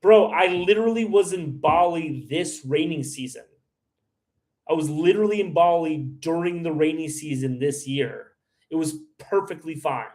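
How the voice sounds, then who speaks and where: A man's voice: fairly high pitch, moderate pace, a little mellow. A man hosting a livestream, answering viewer comments in a blunt, heated, ranting way. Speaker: livestream host. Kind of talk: live stream chat answering viewers.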